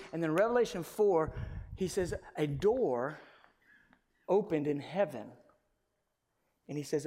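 Man, preacher, passionate sermon, high voice, long hall echo. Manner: passionate, swings from loud declaring to hushed storytelling.

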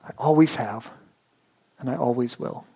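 Brief: a pastor doing a gentle husband quietly pleading for his wife. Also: mid-range voice, moderate pace, gravelly, slightly rough. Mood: tender.

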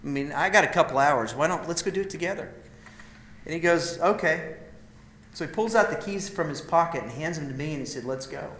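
Male preacher, heartfelt storytelling, goes loud then hushed, roomy live sound. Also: fairly high pitch, expressive, fast, a little hiss or hum. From Idaho, USA. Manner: emotional, intimate storytelling that swells and drops. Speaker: speaker at a men's gathering. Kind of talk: sermon storytelling.

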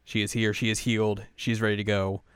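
Animated, smooth-voiced man recapping a show. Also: a little fast, no room sound, studio quality. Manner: animated retelling, pitching up for quoted characters. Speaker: podcast co-host. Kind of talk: casual chat recapping an anime.

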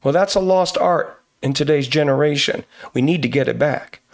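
A pastor giving sermon-like teaching, emphatic and preacherly, repeating phrases for stress. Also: male voice, on the high side, moderate pace, creaky. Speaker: pastor and podcast host.

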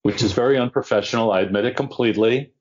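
An older man, an actor and podcast guest, telling an animated, self-deprecating anecdote and acting out the voices of people he quotes. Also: medium pitch, fast. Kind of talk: anecdotal storytelling. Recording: dull lo-fi audio.

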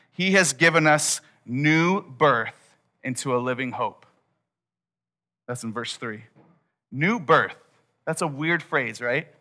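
A man's voice: on the high side, sharp tone. A man preaching a sermon to his congregation, retelling stories in a casual way and acting out the people in them. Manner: casual storytelling, acts out voices. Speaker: pastor.

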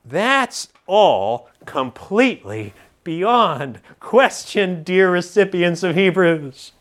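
A man preaching an expository sermon to a congregation, teacherly and animated, joking with the room. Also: high voice, slow pace.

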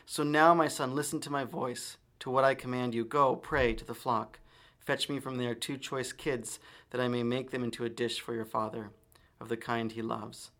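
A man's voice: mid-range voice, fairly even intonation, normal speed, a bit bright, close to an everyday voice. A man reading as a scheming, insistent mother. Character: scheming mother urging her younger son.

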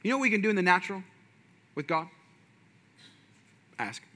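A man's voice: sits high, sing-song, normal speed, sharp tone. A man in his thirties preaching a sermon with passion and energy, mixing in folksy asides. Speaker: pastor.

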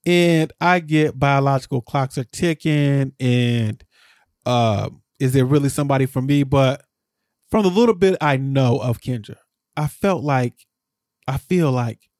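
A man co-hosting a podcast, rambling through a casual recap and jumping up in pitch when he gets exasperated. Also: unhurried, a little mellow, no echo, studio quality. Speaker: podcast co-host.

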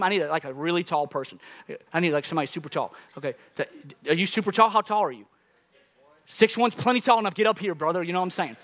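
A man preaching a sermon to his congregation, animated and joking with the crowd between points. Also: high-pitched. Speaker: pastor. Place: church.

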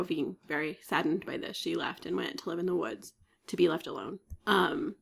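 Creaky and medium in pitch, this woman's voice belongs to a podcast co-host. She's retelling a myth in casual, chatty fashion, leaning on lots of fillers and pausing for frequent coughs.

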